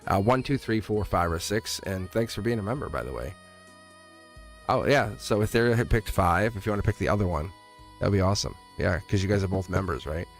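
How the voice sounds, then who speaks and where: A man with a fairly low voice hosts a tarot livestream and chats casually with his viewers. His pitch swings a lot as he rambles, chuckles and keeps restarting his sentences. Soft music plays faintly behind him. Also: animated, a little fast. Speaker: tarot reader and livestream host.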